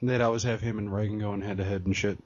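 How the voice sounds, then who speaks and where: A man's voice: fairly low pitch, fairly even intonation, fast talker. A man co-hosting a casual podcast chat, laid-back and joking, chiming in with quips. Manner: laid-back, laughs often, chimes in with quips. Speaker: podcast co-host. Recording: dry, dull lo-fi podcast audio.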